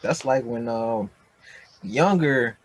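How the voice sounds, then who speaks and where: A man's voice: medium pitch, expressive, slow, poor audio. A man co-hosting a podcast, asking thoughtful questions in casual conversation with hesitant restarts. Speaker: podcast co-host.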